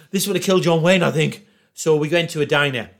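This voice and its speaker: A man spins a rowdy comic yarn, jumping into the voices of everyone in it and swearing as he goes. His voice sits high for a man, with a gravelly fry running underneath. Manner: animated, acts out voices, lots of swearing. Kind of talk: comic storytelling.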